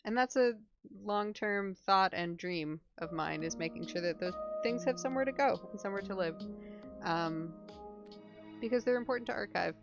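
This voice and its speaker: A woman's voice: medium pitch, moderate pace. A young woman hosting a casual live stream, rambling and chatty, with many fillers as she talks and reads a game aloud. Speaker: streamer host. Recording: slightly muffled stream audio with faint music.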